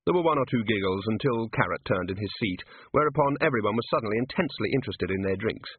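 A man reading a story aloud as scripted narration, dry and even. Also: lowish voice, quick pace, husky, no echo. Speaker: audiobook reader. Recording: dry, tinny phone-like sound.

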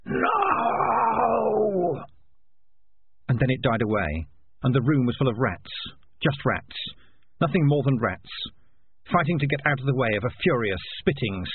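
Male audiobook narrator, measured expressive reading, husky voice, phone-like lo-fi sound. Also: mid-range voice. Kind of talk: scripted narration.

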